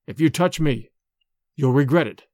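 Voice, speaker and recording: A man's voice: sits high, very animated, measured pace, husky, no echo, studio quality, heavily acted. A man voicing a stern old male vampire patriarch in a hollow, menacing voice in a storybook reading.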